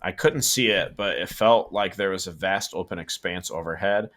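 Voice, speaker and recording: A man's voice: sits low, moderate pace, fairly bright tone. A man casually reading a horror story aloud, stumbling, correcting himself and adding asides. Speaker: story reader and co-host.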